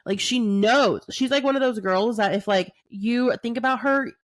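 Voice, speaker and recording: A woman co-hosting a podcast in casual chat, animated, with lots of fillers and swearing. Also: on the high side, normal speed, no echo. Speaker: podcast co-host.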